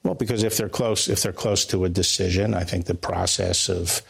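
Man, news interviewee, raspy, gravelly, deep, hesitant. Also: steady tone. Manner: hesitant, measured, many fillers.

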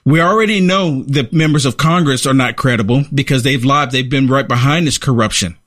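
A man's voice: medium pitch, fairly quick, fairly bright tone. A man hosting a political talk show, speaking emphatically and repeating phrases to drive a point home. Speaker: show host and political commentator. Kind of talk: opinionated commentary chat.

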